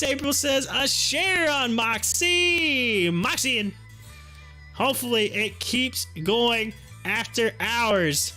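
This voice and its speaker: Host type: upbeat male streamer with a high, bright voice, rattling off numbers and hyping his chat, music faint behind him. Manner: rapid-fire reading of numbers, playful hype. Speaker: live stream stock market host. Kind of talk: casual live stream commentary. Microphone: desk microphone.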